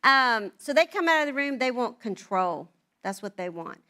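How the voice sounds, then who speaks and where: Grandmother telling lively family stories. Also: a little high, normal speed. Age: older. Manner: animated, acts out family dialogue in changing voices. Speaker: speaker at a moms' event. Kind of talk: talk to an audience, storytelling.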